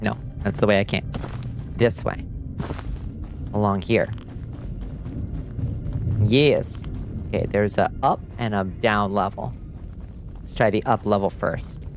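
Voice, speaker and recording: Excitable man streaming a video game. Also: on the low side, slow, vocal fry, long pauses, background noise. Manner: excitable, swears and yells when frustrated, chats with viewers. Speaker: livestream host. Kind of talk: casual live gameplay commentary.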